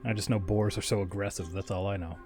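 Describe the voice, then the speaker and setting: A man's voice: on the low side, steady tone, fast, darkish tone. A man playing a tabletop role-playing game, chatting in a crude, joking way. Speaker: player. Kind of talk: casual tabletop play.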